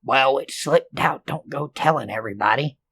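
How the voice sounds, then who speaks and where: A man's voice: medium pitch, moderate pace, gravelly, a bit bright, slightly rough. A man voicing a casual female school counselor who jokes and curses offhandedly. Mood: offhand.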